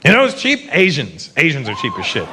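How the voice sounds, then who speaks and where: A man performing a stand-up comedy set on a theater stage in an animated, mocking way, often slipping into impressions. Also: a little high, brisk. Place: theater stage before a live audience. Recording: live show with loud crowd and noise. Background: loud audience laughter.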